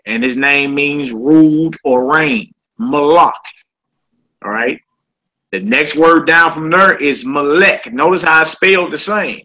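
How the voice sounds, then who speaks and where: A man's voice: a little high, a little slow, pushed and bright, poor audio. A man teaching a casual Hebrew vocabulary class. He often checks in with "all right?" and repeats each word.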